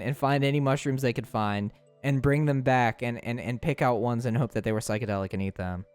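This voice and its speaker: A man's voice: medium pitch, a little mellow. A young man streaming live, chatting playfully with his chat, laughing often and tripping over his words.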